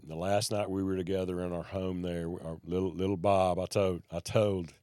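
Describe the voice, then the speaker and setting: Guy on a podcast, folksy and plain-spoken, real low voice. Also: little pitch movement, normal speed, mellow, smooth, no room sound, clean studio sound. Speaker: podcast guest. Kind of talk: personal storytelling in conversation.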